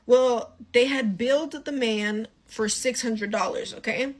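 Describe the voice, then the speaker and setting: A woman's voice: a little high, a little slow. A woman from California telling a story in a casual rant, acting out both sides of a phone call with exasperated, profane outbursts. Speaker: social media storyteller.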